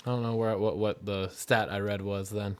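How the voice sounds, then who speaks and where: Low-voiced man giving quick agreeing replies. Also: level tone, smooth. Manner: brief agreeing interjections. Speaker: podcast co-host. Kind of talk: casual chat, short replies.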